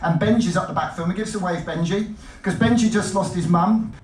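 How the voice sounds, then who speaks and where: A man giving an animated stage talk to an audience, jumping between stories and cutting himself off mid-word. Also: high voice, a little fast, a little hiss or hum. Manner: animated, jumpy, self-interrupting. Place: lecture hall. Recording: roomy hall, mic at a distance.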